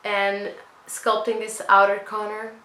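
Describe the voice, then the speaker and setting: Bright-voiced woman chatting through a makeup tutorial. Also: medium pitch, monotone, measured pace, echoey room, a little hiss or hum, poor audio. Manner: chatty, self-mocking, rambling asides. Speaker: beauty vlogger. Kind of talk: casual makeup tutorial chat.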